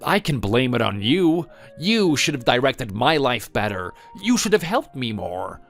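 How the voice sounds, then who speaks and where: A man's voice: medium pitch, sing-song, unhurried, soft background music. A man voicing a resentful grown son who sulkily blames his mother for his failures, read as a texting-story voice-over. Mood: bitter. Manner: sulky, self-pitying, bitter.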